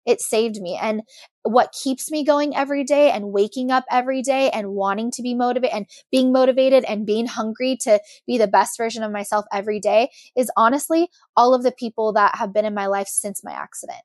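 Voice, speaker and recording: A young woman guest tells her personal story in an interview, emotional and animated as she retells it. Her voice is a little high and brisk, captured in studio quality with no room sound.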